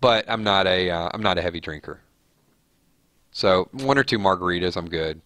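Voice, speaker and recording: Live-stream host, man, nasal and bright, dry close sound, casual and laughing easily. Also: low-pitched, normal speed, no room sound. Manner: chatty, laughs easily, thinks aloud. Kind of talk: casual live-stream chat reading viewer comments.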